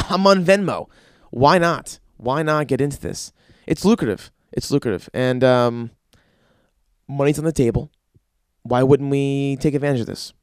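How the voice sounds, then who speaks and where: A man's voice: mid-range voice, unhurried, smooth, dry recording. A young man riffs through a casual solo podcast, wry and rambling, swearing freely. His voice sits in an ordinary middle range and sounds dry and close to the mic. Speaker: podcast host.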